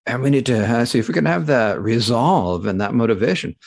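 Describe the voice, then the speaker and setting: Male interpreter for a Dharma talk, lively pitch, halting delivery with frequent restarts. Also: creaky, slightly rough.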